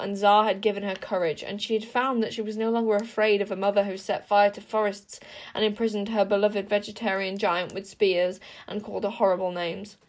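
A woman narrating a children's fantasy book aloud, lively and expressive, with chatty asides to the listener. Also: mid-range voice. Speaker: audiobook reader. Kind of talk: storybook narration.

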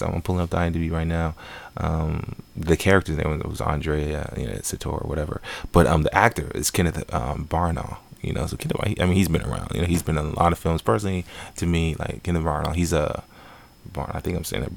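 A man's voice: deep voice, vocal fry. A man giving a casual, rambling spoken movie review with many fillers and restarts. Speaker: film reviewer.

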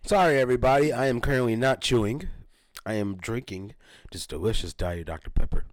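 A young male podcast co-host with an easygoing manner, quick to laugh and often reacting in a word or two. His voice sits in a middle register and sounds close and dry. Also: medium pitch, dry recording. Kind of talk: casual podcast chat.

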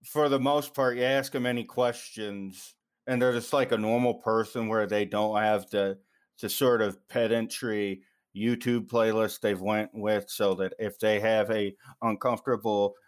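A man in casual podcast talk, working through his thoughts with many fillers and restarts. His voice sits on the low side, and he swears freely. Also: fairly even intonation, unhurried. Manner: rambling, profane, lots of fillers. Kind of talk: casual chat.

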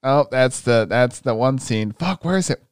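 A young man hosting a casual chat, retelling an anime with lots of swearing and excitable energy. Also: medium pitch, moderate pace, clear, resonant tone, no room sound, clean studio sound. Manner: profane, excitable storytelling.

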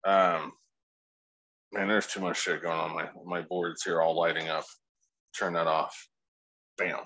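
Low-voiced man rambling on a podcast. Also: flat delivery, measured pace, sharp tone, no room sound, rough recording. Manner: laid-back, rambling, heavy swearing. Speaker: podcast co-host. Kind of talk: casual podcast chat.

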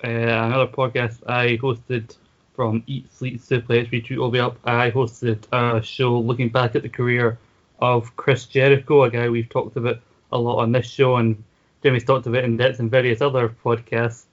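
Man on a podcast, pretty monotone, says "like" constantly, muffled lo-fi audio. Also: medium pitch, moderate pace. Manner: steady, leans heavily on "like". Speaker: podcast guest and fellow host. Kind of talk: casual podcast review chat.

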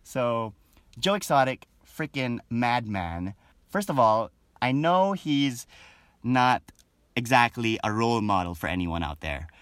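A man giving a casual, animated opinion rant on a vlog, chatty and full of fillers, often breaking into laughter. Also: medium pitch, unhurried, clear, resonant tone, dry recording. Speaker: show reviewer.

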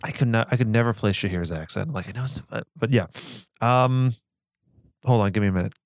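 A man guest in casual podcast chat with a smooth, resonant voice. He stammers and repeats himself before landing a wry point. The sound is dry and close. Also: on the low side, a little fast, dry recording.

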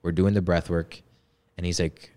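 A man's voice: low-pitched, flat delivery, normal speed, dark tone, clean tone. A man in his twenties telling a personal story in casual, slangy talk. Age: 20s. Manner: laid-back slangy talk. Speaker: podcast guest.

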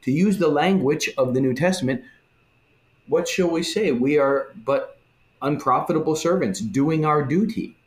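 A man in a casual religious discussion who talks in an animated way and acts out the voices he quotes. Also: a little high, moderate pace. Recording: roomy echo.

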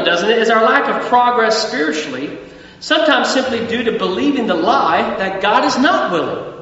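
A man's voice: sits high, a bit bright. A man preaching a conversational sermon as pastor, repeating words and using many fillers. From Australia. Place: church. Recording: echoey hall from far off, dull sound.

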